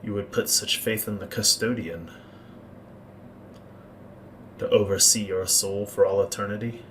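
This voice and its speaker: A deep, grave court Maester, as a man puts him on, weighing every word with slow, ominous pauses. He is cold and scheming, and there is a faint hiss of noise behind him in this tabletop game. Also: little pitch movement, fairly bright tone, far from the mic, rough recording. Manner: measured, ominous, deliberate pauses.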